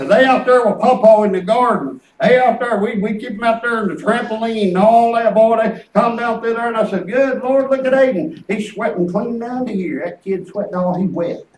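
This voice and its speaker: An older man preaching a folksy sermon, telling family stories with chuckles and quoting his grandkids. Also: extremely high pitch. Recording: echoey room picked up from a distance.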